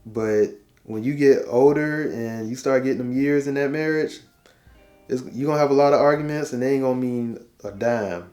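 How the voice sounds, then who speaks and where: With soft guitar music underneath, a relationship talk host in his forties spins a casual advice story in an ordinary mid-range voice. He animatedly quotes each line of dialogue, laughs at himself, and keeps it conversational with easygoing slang and repetition.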